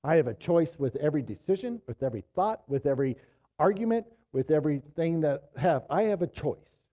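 Preaching in a relaxed, conversational way, this man in his fifties is an animated pastor who talks fairly quickly. He shifts between loud emphasis and hushed appeals, and the audio sounds dull.

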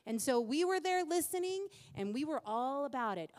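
A woman in her thirties with a fairly high voice speaks to an audience in a big hall, and her words ring out with a long reverb. She tells her story in an animated, self-mocking way and often laughs at herself. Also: normal speed, few pauses. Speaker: speaker at a church event.

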